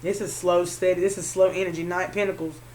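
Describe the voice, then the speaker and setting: A woman's voice: lowish voice, little pitch movement, fast talker, a little mellow, slight background noise. A woman doing a tarot card reading for her viewers, calling the listener honey and repeating her phrases. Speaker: tarot reader.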